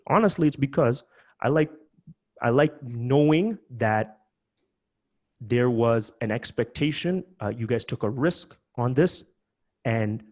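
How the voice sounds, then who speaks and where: A man hosting a live webinar, talking in an animated, emphatic way with many quick restarts. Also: medium pitch, breathy edge. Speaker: webinar host.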